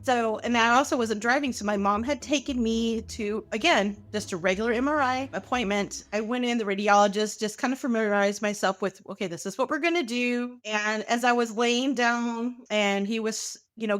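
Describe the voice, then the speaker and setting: Earnest woman telling a personal story. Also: fairly high pitch. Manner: earnest, animated retelling with quoted dialogue. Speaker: patient advocate guest. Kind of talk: personal storytelling in a podcast interview.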